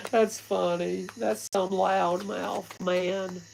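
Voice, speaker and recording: A woman's voice: medium pitch, vocal fry, background noise. A woman giving a casual livestream tarot reading, rambling, blunt and often laughing. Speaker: tarot reader.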